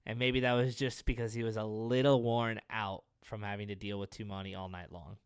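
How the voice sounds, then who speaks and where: A man's voice: fairly low pitch, level tone, fairly quick, clean tone. A man co-hosting a casual sports podcast, easygoing and agreeable. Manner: easygoing, agreeable, backchannels a lot. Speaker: podcast co-host.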